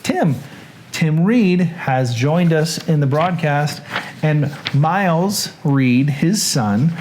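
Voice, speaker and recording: A man's voice: fairly high pitch, animated, slow, darkish tone, slight background noise. A man with a Southern accent hosting a casual livestream, chatting in a rambling way with asides and restarts. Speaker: host.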